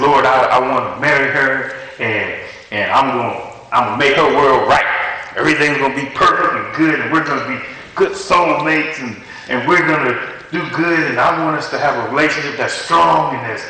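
A man's voice: medium pitch, sharp tone. A man preaching a sermon, talking animatedly and conversationally, often stopping and restarting his sentences. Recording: echoey hall from far off.

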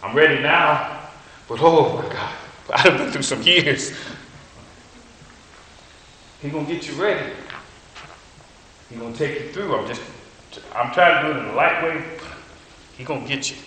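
A man preaching a sermon, telling stories in a colloquial, animated way. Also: a little high, normal speed, pauses often, a little hiss or hum. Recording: echoey hall.

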